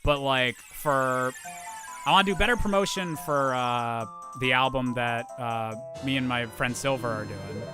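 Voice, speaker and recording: While streaming a game, a man with a medium-pitched voice chats casually with viewers, speaking a little slowly. He rambles in an upbeat way, full of restarts and fillers. Faint game music plays behind him.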